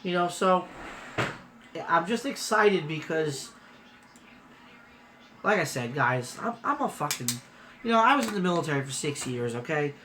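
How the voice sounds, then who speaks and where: A man's voice: on the high side, big pitch swings, normal speed, pauses often. Male vlogger, 30s, rambling and heartfelt, phone mic, light background noise. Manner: rambling, emotional, repeats "you know". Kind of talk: casual vlog. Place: at a trade show. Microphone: phone camera.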